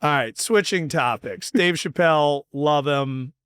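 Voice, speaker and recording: A man hosting a podcast in casual chat, talking bluntly with lots of swearing and quick bursts of speech. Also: fairly high pitch, fairly bright tone, clear, resonant tone, no room sound, clean studio sound. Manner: blunt and profane, fast bursts. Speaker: podcast host.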